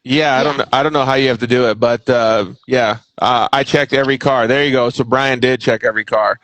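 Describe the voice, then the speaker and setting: A man's voice: mid-range voice, steady tone, fairly quick, fairly bright tone, no room sound, low-quality recording. A man hosting a casual chat show, talking in a laid-back, slangy, rambling way. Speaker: host.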